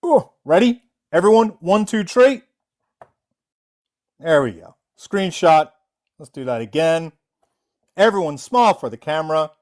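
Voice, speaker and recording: A livestreamer narrating a callout to viewers, the pitch swinging up and down constantly. The voice sits in a middle register and turns mocking and theatrical. Informal talk to camera. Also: big pitch swings, unhurried, pauses often, a little mellow.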